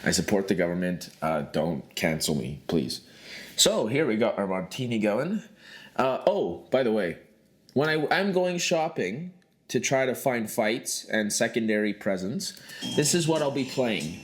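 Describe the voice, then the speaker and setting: Rambling man, swinging pitch, laughing. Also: very animated, a little slow. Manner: rambling, joking, laughs at himself. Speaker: podcast host. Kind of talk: rambling comedic monologue.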